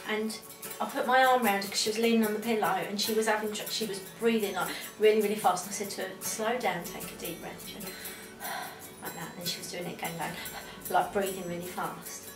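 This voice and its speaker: A woman interviewed for a documentary, telling a family story in a lively way and acting out what others said. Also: medium pitch, fast, few pauses. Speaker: interviewed relative. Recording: echoey room from a distance. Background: music.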